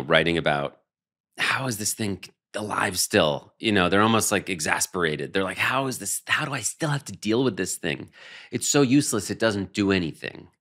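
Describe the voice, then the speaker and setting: A man's voice: very deep voice, fairly bright tone. A man talking as an interview guest, earnest and emphatic, with frequent restarts as he explains his views. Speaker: interview guest, human rights strategist. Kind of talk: conversational interview.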